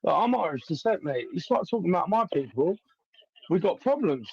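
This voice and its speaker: Swaggering sweary london guy calling in, raspy on a muffled lo-fi line. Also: high-pitched, big pitch swings, fairly quick, no room sound. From North London. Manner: swaggering, sweary, laughs a lot. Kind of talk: brash live-stream chat.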